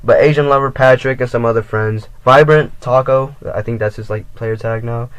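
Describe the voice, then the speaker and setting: A man's voice: medium pitch, fairly even intonation, moderate pace, clear, resonant tone, no room sound, rough recording. A teenage boy telling a rambling storytime in casual, profane slang. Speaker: vlogger.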